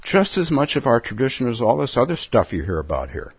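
A man giving a relaxed dharma talk as a Zen teacher, chuckling often and repeating words as he goes. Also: mid-range voice, a little fast, husky, dry recording. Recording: dull lo-fi dry recording.

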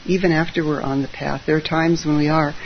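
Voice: medium pitch, steady tone, fairly quick. Middle-aged zen teacher, chatty dharma talk, lots of ums, kinda muffled w/ faint hiss. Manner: conversational, many ums, gentle self-deprecating humor.

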